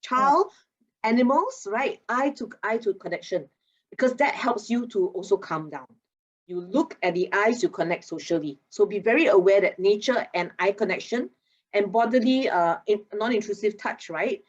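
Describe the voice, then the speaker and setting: Woman, husky voice, animated and teasing, muffled video call. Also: mid-range voice, normal speed. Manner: animated, chatty, teasing, with local particles like lah. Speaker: guest speaker on mental wellness. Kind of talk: lively expert talk in an online masterclass.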